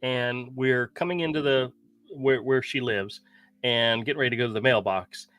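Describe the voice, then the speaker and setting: A man telling a story in a casual podcast chat, animated and swearing freely. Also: medium pitch, moderate pace. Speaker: podcast co-host.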